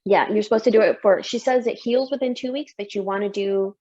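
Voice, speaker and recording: A young woman telling her story as a mother in an interview, emotional and lively, laughing often as she talks. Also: mid-range voice, fairly quick, highs cut off. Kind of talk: candid personal story.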